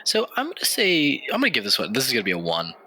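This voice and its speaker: Bright-voiced young man joking around. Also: medium pitch, huge pitch swings. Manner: joking, teasing, quick asides. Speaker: podcast co-host. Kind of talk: casual comedic chat.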